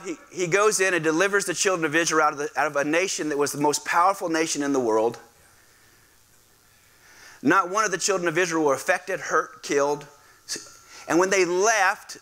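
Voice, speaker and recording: A male pastor preaching a lively sermon, acting out voices and calling on the congregation to respond. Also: fairly high pitch. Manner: animated, acts out quoted voices, asks the congregation to respond. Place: church sanctuary.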